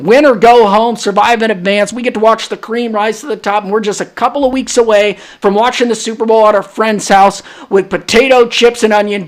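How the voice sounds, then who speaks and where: A young adult man hosting a solo sports podcast, brash and hyped, trash-talking rival fans. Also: high voice. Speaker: podcast host.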